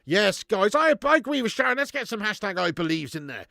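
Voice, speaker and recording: A man's voice: high voice, sing-song, a little fast, vocal fry, bright, forceful tone, dry recording, studio quality. A man hosting a live football watch-along, reading out viewer chat and ranting bluntly with plenty of swearing. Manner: reads out viewer chat messages.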